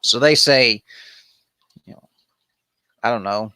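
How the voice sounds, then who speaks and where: Chill guy reading the bible and riffing, slow talker, dry sound. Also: mid-range voice, bright, forceful tone, clean tone, no echo. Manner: irreverent, wandering asides. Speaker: host of an improvised bible study. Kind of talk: casual reading and commentary.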